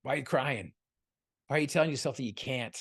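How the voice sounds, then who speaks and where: Man, motivational speaker, video call, emphatic storytelling, rhetorical questions, mid-pitched voice. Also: fast, a bit bright, slightly rough.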